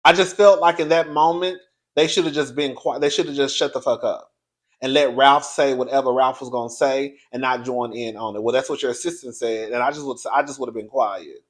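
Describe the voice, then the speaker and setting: A man hosting his own video show, giving a blunt, profane, animated commentary straight to his viewers. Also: medium pitch, fairly quick. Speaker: online show host reviewing reality TV.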